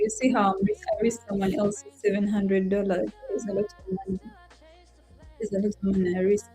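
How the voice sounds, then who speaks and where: A woman's voice: medium pitch, dark tone, breathy edge. Emotional young woman streaming live trades. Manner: emotional and apologetic, talking to herself while trading. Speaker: trading livestream host. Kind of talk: casual livestream chat to viewers. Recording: faint music behind.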